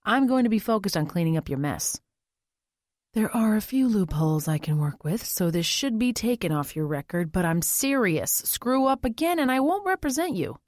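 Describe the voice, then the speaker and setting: A woman doing a gruff, bossy male lawyer. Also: mid-range voice, big pitch swings, normal speed, darkish tone, no echo, studio quality, lightly acted. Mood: stern, commanding. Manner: barks orders like a drill sergeant. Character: gruff stern male defense attorney, commanding.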